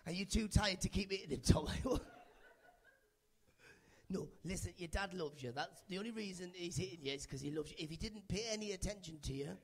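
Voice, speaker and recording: High, gravelly-voiced male stand-up comic. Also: fairly quick. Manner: chatty, teasing audience members by name. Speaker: stand-up comedian. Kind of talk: stand-up set with crowd work. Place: comedy club stage.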